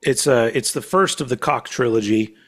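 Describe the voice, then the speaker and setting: Husky-voiced man rambling on a podcast. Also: medium pitch, normal speed. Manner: rambling, tangent-prone, swears freely; laughs often while talking. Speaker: podcast co-host. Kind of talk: casual podcast chat.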